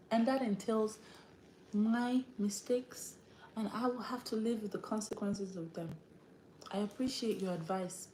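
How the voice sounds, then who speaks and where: A woman's voice: medium pitch, dark tone, roomy sound, a little hiss or hum. A woman with an African accent hosting a casual livestream chat, often breaking into laughter and acting out the voices she quotes. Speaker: livestream host.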